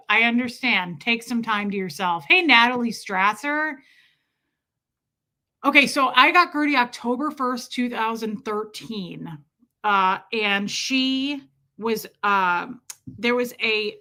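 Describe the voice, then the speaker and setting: A woman's voice: fairly high pitch, bright, forceful tone. Gushing woman chatting on a livestream. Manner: chatty and gushing, reads out viewer names. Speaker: livestream host. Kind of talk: casual livestream chat. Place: Kansas City area.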